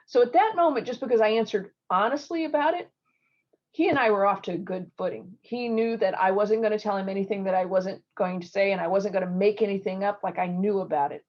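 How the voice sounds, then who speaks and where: A middle-aged woman surgeon coaches applicants in an online session, mid-pitched and lively. She tells stories and acts out the voices in them. Her audio is a touch dull and lo-fi, as on a video call. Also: brisk. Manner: lively storytelling with acted quotes. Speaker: surgeon giving interview advice. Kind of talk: online talk.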